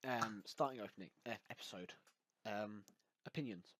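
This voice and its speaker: A man's voice: lowish voice, moderate pace, fairly bright tone, no room sound. Male host, casual and hesitant chat, lots of ums, dry close mic. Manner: hesitant, frequent ums, laughs often.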